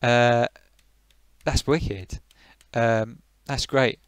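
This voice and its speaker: A man's voice: mid-range voice, fairly even intonation, drawn-out words, smooth, dry recording. A man casually chatting on a live stream, greeting viewers by name and thinking aloud as he tweaks his settings.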